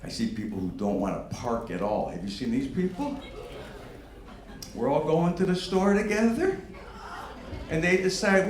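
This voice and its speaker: A man doing a stand-up routine, ranting with profanity, swinging between low mutters and near-shouts. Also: lively intonation, moderate pace, long pauses. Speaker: stand-up comedian. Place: comedy club stage with audience laughter. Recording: echoey live room with faint noise.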